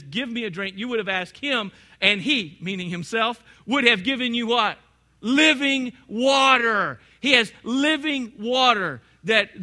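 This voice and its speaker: Man preaching, lively delivery, quiet asides then loud emphasis, high voice, very bright tone. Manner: animated, talks to the congregation directly, swings from quiet to loud. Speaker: pastor. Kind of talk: sermon.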